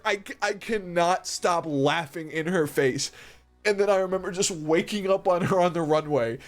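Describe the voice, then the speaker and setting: A man's voice: high-pitched, normal speed. A young man streaming live, telling a rambling, profane story and laughing a lot.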